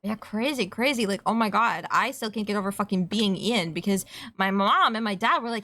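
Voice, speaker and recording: A woman's voice: medium pitch, pushed and bright. Rambling young Canadian woman streaming. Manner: rambling, quick asides, swears casually. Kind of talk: casual streaming chat while gaming.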